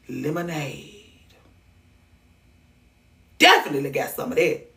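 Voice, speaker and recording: A woman hosting a comedic monologue, ranting in a sassy, animated way with mock-sweet asides. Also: medium pitch, a little slow, distant mic. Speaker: host.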